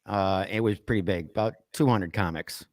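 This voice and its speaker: A man's voice: sits low, normal speed, a little mellow, no room sound, studio quality. A man hosting a podcast in easygoing casual chat, with many fillers. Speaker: podcast host.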